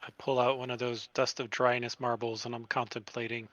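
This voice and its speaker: A man playing a tabletop game, talking in a brisk, playful way. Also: mid-range voice, level tone, fairly bright tone, dry recording, muffled recording. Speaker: player. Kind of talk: casual game chat.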